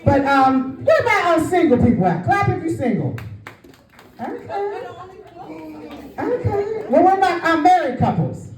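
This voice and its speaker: A woman's voice: very high voice, very animated, measured pace, darkish tone. Brash woman doing stand-up, far from the mic, faint crowd behind. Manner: brash crowd work, calling out to the audience. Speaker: stand-up comedian. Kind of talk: live stand-up comedy set. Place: comedy club stage with a live audience. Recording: roomy live sound, distant from the mic. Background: faint audience crowd.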